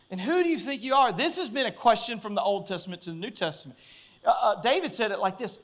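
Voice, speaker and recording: A middle-aged man preaching a sermon, animated and jokey, often acting out voices. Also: very high-pitched, normal speed. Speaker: pastor.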